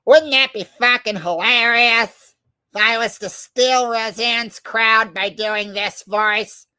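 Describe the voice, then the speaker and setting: A man's voice: high voice, steady tone, slow, pushed and bright, clear, resonant tone, dry recording, pitched above the performer's own voice, exaggerated voice. A man doing a comedic impression of a brash, foul-mouthed, middle-aged woman comedian who rants and boasts crudely. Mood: boastful.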